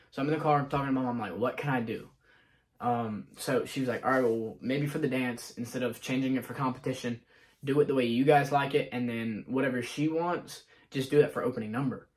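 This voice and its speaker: A man's voice: medium pitch, fairly quick. A young man rambling in a casual vlog, scatterbrained and retelling his conversations as he talks about his day. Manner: scatterbrained, quotes himself and others in conversation. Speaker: vlogger. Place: in a car.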